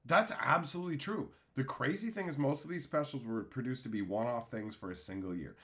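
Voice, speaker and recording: Reading viewer chat aloud between jokes and tangents, a Canadian livestream host sounds tired after dental work. He speaks a little fast with few pauses, in a sharp, medium-pitched voice.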